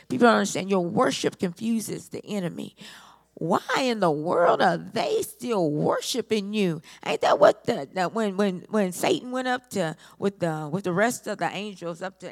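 Fervent woman preacher, raspy gravel, mid pitch, builds phrases to a shout. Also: animated, moderate pace. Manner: impassioned, repetitive cadences that build to shouting. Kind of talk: sermon.

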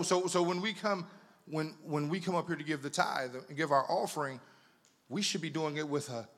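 A man's voice: on the high side, a bit bright. A man preaching as pastor, chatty and teasing, often repeating words as he tells a funny story. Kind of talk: sermon with humorous storytelling.

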